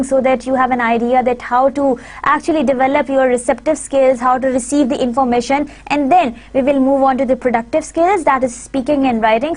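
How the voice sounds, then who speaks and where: A woman giving a recorded university lecture, halting and full of fillers and restarts. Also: sits high, darkish tone.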